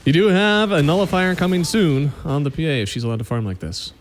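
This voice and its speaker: A man giving quick, excitable live play-by-play commentary on an esports match, calmer when he analyses between fights. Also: on the high side, a little hiss or hum. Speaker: esports caster.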